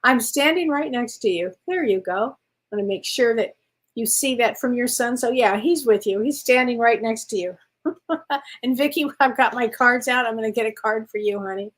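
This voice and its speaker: A woman with a slightly high voice hosts a live-stream psychic reading show at a moderate pace. She chats and rambles, calls viewers honey and sweetheart, and keeps restarting and correcting herself.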